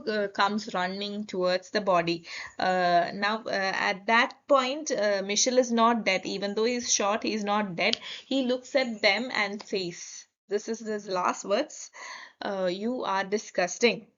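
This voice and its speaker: A woman's voice: medium pitch, fairly bright tone. A young woman with an Indian English accent, retelling a film plot in a lecture with many fillers and restarts. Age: young adult. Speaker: student presenter. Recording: dull lo-fi recording.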